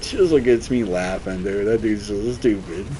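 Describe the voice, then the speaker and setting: A man's voice: on the low side, normal speed, dark tone, slight background noise. A young man streaming a game, rambling through loose, profane stories in casual chat. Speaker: gaming streamer. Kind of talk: casual storytelling chat while gaming.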